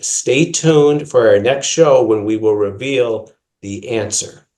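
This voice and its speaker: Man, Minnesotan accent, podcast co-host, measured, carefully enunciated, explanatory. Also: medium pitch, a little mellow.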